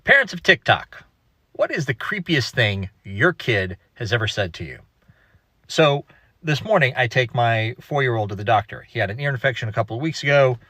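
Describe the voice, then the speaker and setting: Bright, husky-voiced dad, very dry sound. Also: male voice, mid-range voice, lively intonation, moderate pace, dry recording. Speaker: father telling a story. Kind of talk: casual storytime.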